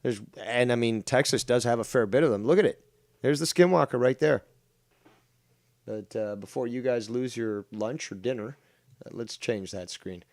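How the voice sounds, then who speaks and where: A man hosting a livestream talk show in a rambling, profane, animated way. His voice sits in an ordinary middle pitch and sounds dry and close to the mic. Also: moderate pace, no echo. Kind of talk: casual livestream commentary.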